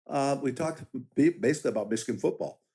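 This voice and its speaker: A middle-aged former law enforcement officer running for office talks fast in a mid-range voice during a casual interview, speaking directly and emphatically. He tells anecdotes, quoting people's voices, while crowd noise plays behind him.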